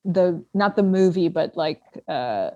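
A woman's voice: lowish voice, expressive, measured pace, mellow, no room sound, highs cut off. A woman guest telling a story in a casual podcast chat, talking with lots of fillers and restarts. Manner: chatty storyteller, many fillers.

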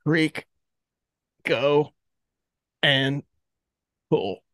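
Slow, deadpan man narrating actions. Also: on the high side, no echo. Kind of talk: improv comedy scene.

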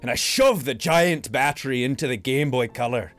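A man playing a tabletop game, acting out his character in an animated, goofy way. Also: mid-range voice, normal speed. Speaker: player. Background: music playing.

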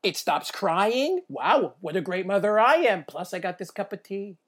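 A woman improvising a comic product pitch, telling it as a playful story with deadpan asides. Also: normal speed.

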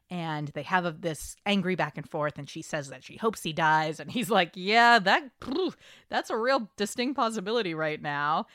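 Lively podcast host woman, smooth low voice. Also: no room sound, studio quality. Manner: lively, animated retelling with quoted asides. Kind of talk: casual recap chat.

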